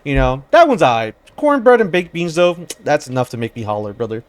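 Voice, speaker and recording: A man's voice: medium pitch, sing-song, fairly quick, dry recording. A man giving casual, rambling commentary while he plays a game, slangy and profane, jumping between stories and reactions. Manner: rambling, profane, slangy, calls listeners brother. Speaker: gamer and commentator.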